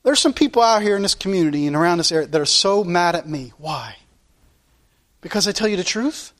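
A man's voice: high-pitched, expressive, a little fast, fairly bright tone. A male pastor preaching a sermon in a blunt, impassioned way, repeating his points.

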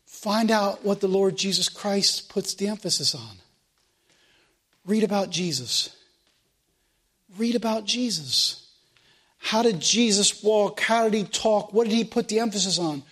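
A male preacher with a notably high voice delivers a sermon. He talks emphatically and repeats himself, piling up rhetorical questions for the congregation. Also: a little slow, pauses often, fairly bright tone.

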